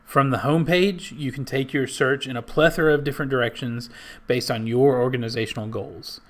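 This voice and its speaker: A man walking through a database in a screen-share tutorial, halting with many restarts and fillers. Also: mid-range voice. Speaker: library staff trainer.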